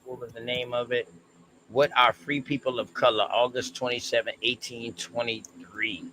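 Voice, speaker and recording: A man co-hosting a casual history discussion stream, talking in a laid-back, slangy, drawn-out way. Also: medium pitch, level tone, sharp tone, slight background noise, low-quality recording. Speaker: co-host.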